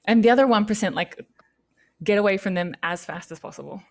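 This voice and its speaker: A woman speaking at a youth leadership session, answering questions in an animated, chatty and encouraging way. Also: mid-range voice, brisk. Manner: animated, chatty, lots of "like" and "you know"; encouraging and upbeat.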